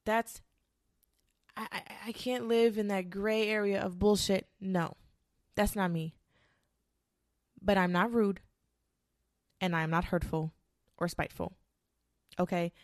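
A woman's voice: medium pitch, steady tone, takes it slowly, long pauses. A woman delivers a casual rant to camera, blunt and profane, hitting her points hard. Her voice sits in an ordinary middle range for a woman. The sound is dry and close, with almost no room echo.

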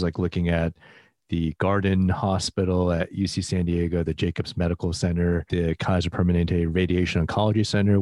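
A man's voice: sits low, a little mellow, no echo, studio quality. A man hosting an interview, asking questions in a casual, enthusiastic way with many fillers. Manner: enthusiastic, casual, uses "like" often. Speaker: podcast host. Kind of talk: conversational interview.

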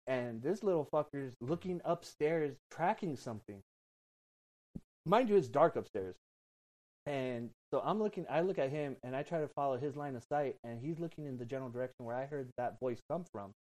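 A man's voice: mid-range voice, expressive, moderate pace, a little mellow, poor audio. A man in the middle of his range tells a spooky tale in a loose, rambling way. He swears freely and piles on filler words as he talks. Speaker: podcast guest. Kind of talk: casual storytelling.

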